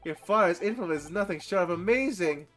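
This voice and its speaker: A man's voice: high voice, lively intonation, a little fast, a bit bright, soft background music. A man voicing a blustering middle-aged prison governor with a Scottish accent, reading game dialogue aloud. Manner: brusque, blustering.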